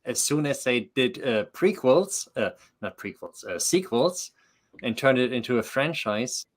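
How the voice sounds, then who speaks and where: A man with a German accent chatting casually as a remote guest, halting with many fillers and dry humor. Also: mid-range voice, animated. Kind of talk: casual chat.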